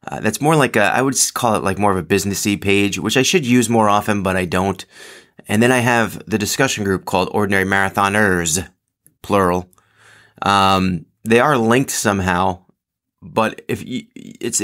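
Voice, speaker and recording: A man's voice: fairly low pitch, a bit bright. A man hosting his own podcast in casual solo chat, rambling with lots of ums and restarts, joking at his own expense. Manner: rambling, full of ums and restarts, self-deprecating. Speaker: podcast host.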